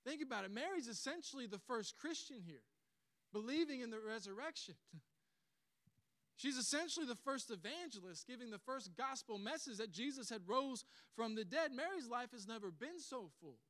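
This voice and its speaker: Animated pastor, high voice. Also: male voice, moderate pace, dry recording. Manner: animated storytelling with chuckles. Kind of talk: sermon.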